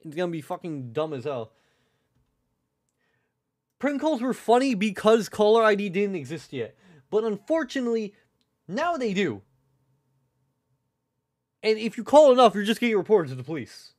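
A man's voice: high-pitched, sing-song, normal speed, pauses often. A young man livestreaming, rambling casually, restarting sentences and swearing freely. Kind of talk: casual live-stream chat.

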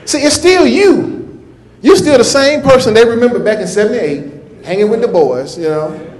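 A man's voice: very high voice, expressive, normal speed. A male minister preaching a sermon in church, folksy and repetitive, with a rhythmic delivery. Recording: echoey church room.

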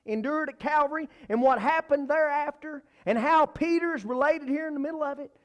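Guy preaching, high-ish voice, gets loud then drops way down, repeats himself a lot. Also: fairly quick. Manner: emphatic, repeats phrases, rises and falls in pitch and volume. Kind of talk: sermon.

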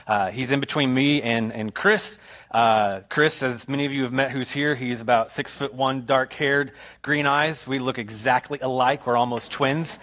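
A young adult man delivers a sermon from a church sanctuary with a middle-pitched voice. He tells stories with animated energy, climbing higher when he acts out his own words. His talk is plain and conversational, with small restarts. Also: moderate pace. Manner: storytelling with rising animated retellings. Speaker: pastor.

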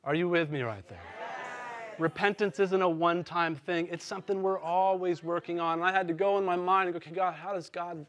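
A male pastor in his thirties preaching in a relaxed, storytelling way, self-deprecating and often checking that his listeners follow along. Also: high voice, brisk, dull audio. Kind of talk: conversational storytelling sermon.

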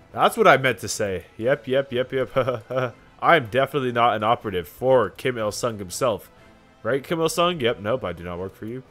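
A young man commentating his own strategy game in a casual, joking way, often breaking into sudden shouts. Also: mid-range voice, moderate pace. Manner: excitable, jokey, sudden shouts. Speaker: gaming YouTuber. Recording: faint music behind.

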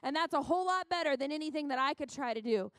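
A woman's voice: high voice, expressive, fast, a bit bright, no echo. A young woman pastor preaching at a women's conference, fervent and exhorting, with lots of repetition. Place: church sanctuary.

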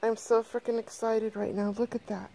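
Gushing, excited woman vlogging outdoors. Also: a little high, normal speed, vocal fry, slight background noise. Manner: breathless and gushing, swears freely. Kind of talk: excited casual vlog. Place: outdoors in a yard. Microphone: handheld phone camera.

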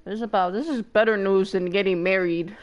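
A young woman streamer chatting casually with her viewers, excitable, squealing and laughing often and swearing freely. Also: mid-range voice, brisk.

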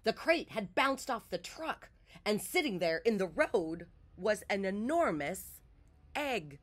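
A woman reading a children's picture book aloud, with expressive storytelling. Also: medium pitch, slow.

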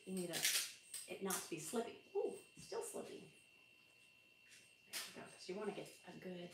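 A woman hosts a casual live cooking stream from her home kitchen, talking through each step as she works. She sits a little away from the microphone, so her voice carries a roomy echo with steady noise underneath. Her tone is chatty and relaxed, and she laughs off small mishaps. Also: fairly low pitch, gravelly. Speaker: livestream cooking host. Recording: echoey room, far from the mic, audible noise.

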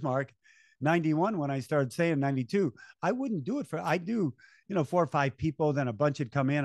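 A man's voice: a little high, dry recording. Older announcer guy telling stories, does the voices, chuckles a lot, dry mic. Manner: animated storyteller, acts out quoted voices, chuckles. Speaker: race announcer guest. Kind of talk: conversational storytelling interview.

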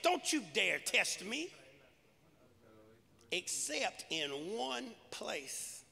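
A man's voice: extremely high pitch, creaky, bright, forceful tone, big-room sound. A male pastor preaching a sermon in a church, punchy and conversational, with casual everyday grammar. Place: large church sanctuary.

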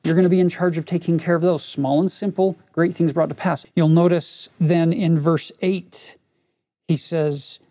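A man's voice: on the high side, fairly even intonation, moderate pace, dark tone, breathy edge. A middle-aged man teaching a scripture lesson, telling a personal story in an earnest way and speaking straight to his listeners. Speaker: religion teacher.

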